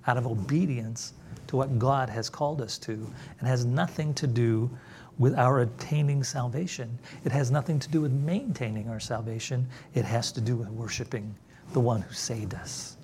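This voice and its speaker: A man preaching a sermon as pastor, emphatic, dropping low and soft on key words. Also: a little hiss or hum.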